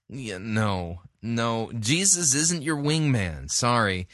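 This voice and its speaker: A man's voice: medium pitch, very animated, takes it slowly, hardly any pauses, fairly bright tone, no room sound, studio quality. A man hosting a sermon review, talking casually and bluntly with frequent fillers. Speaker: host. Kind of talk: commentary.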